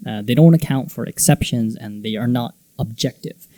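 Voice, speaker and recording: A man hosting a teaching video, explaining intonation in clear scripted narration and acting out example phrases. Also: mid-range voice, moderate pace, dark tone, dry recording. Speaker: English teaching video host.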